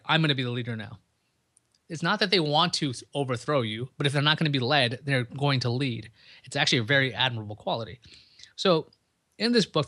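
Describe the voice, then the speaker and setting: A man's voice: on the high side, a bit bright, no echo, studio quality. A man hosting a podcast, talking casually to listeners and explaining ideas through everyday examples. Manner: conversational, chatty, explains with examples. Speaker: podcast host.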